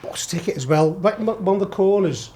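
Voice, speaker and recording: Middle-aged Scouse bloke, raised voice, spins wild yarns with plenty of swearing and laughter. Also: male voice, sits high, fairly quick. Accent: Liverpool Scouse. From Liverpool, England. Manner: animated, swears a lot, laughs while telling. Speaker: podcast guest. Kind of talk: storytelling anecdote.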